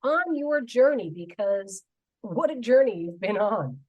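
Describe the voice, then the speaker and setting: A woman's voice: medium pitch, animated, measured pace, darkish tone, lo-fi sound. A woman hosting a radio talk show, speaking in an encouraging, emphatic way in casual interview chat.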